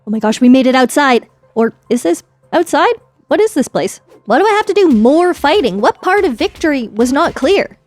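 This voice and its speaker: A woman's voice: high voice, big pitch swings, normal speed, faint music behind. A woman giving playful, chatty, jokey commentary while playing a video game. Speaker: gaming YouTuber. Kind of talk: casual let's-play commentary.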